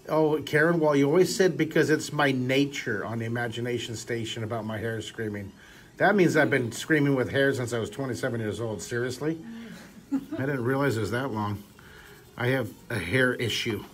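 A middle-aged man leading a live drawing lesson for a class of children, energetic and joking as he cheers them on. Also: on the high side, slight background noise. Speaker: drawing teacher.

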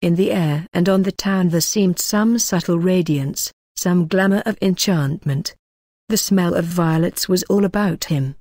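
A woman narrating a novel in a measured, lyrical reading. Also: fairly low pitch, warm tone, dry recording, studio quality. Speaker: audiobook narrator. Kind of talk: scripted narration.

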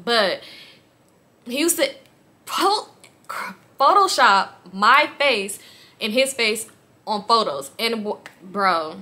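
A young woman vlogger telling a personal story in a candid, animated way, swearing freely. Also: on the high side, takes it slowly, pauses often.

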